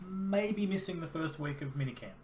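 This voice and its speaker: A man's voice: fairly high pitch, animated, moderate pace, darkish tone. A young Australian man with an Australian accent, co-hosting a casual fantasy football chat and chatting through his reasoning. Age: young adult. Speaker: podcast co-host. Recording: faint background noise.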